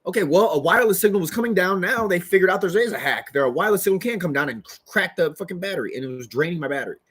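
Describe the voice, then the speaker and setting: A man's voice: high voice, expressive, rapid-fire, fairly bright tone, breathy edge. A man giving an agitated, rambling monologue as a vlogger, swearing heavily. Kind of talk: profane ranting monologue.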